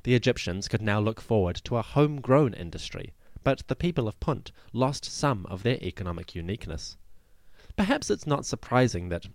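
Male history podcast host: low voice, animated delivery, dry close sound, wry asides. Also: no room sound. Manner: lively storytelling with wry asides. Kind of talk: scripted history narration.

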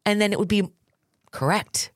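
A woman's voice: medium pitch, normal speed, no echo, studio quality. A woman with a Massachusetts accent co-hosting a true crime podcast, chatting casually and reading news articles aloud with asides. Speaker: podcast co-host.

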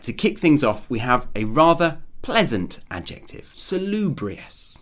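A man's voice: medium pitch, fairly bright tone. Man teaching English vocabulary. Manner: friendly, clear, teacherly, explains with examples. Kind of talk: explanatory vocabulary lesson.

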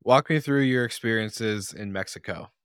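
A man's voice: on the low side, moderate pace, a bit bright, smooth, no room sound, studio quality. A young man hosting a podcast, asking long, loose, friendly questions. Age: young adult. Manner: friendly, rambling questions with fillers. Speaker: podcast host. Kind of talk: casual podcast interview.

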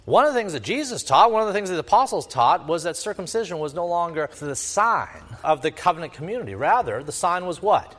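Animated preacher in an echoing hall. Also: male voice, sits high, brisk, hardly any pauses. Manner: emphatic and repetitive, rhetorical questions. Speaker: pastor. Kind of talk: expository sermon. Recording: long reverb of a large hall.

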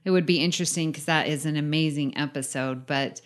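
Giggly lower-voiced female podcast co-host. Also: fairly even intonation, brisk. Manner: friendly, giggly, conversational. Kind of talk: casual chat.

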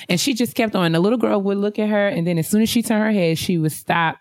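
Animated low-voiced woman storyteller. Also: fast, few pauses, no room sound. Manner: animated storyteller, acts out voices, laughs often. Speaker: podcast co-host. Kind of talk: casual storytelling chat.

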